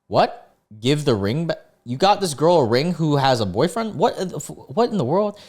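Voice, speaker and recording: A man's voice: fairly high pitch, sing-song, moderate pace, darkish tone. A young man hosting a casual commentary, reading online messages aloud and reacting with incredulous, sarcastic remarks and lots of filler words. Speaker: host reading online posts.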